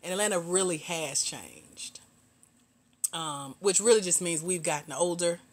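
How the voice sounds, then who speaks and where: A woman's voice: on the low side, lively intonation, unhurried. A middle-aged woman from Georgia, hosting a casual livestream chat with viewers. She laughs often and calls her viewers "girl" and "y'all.". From Georgia, US South. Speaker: host.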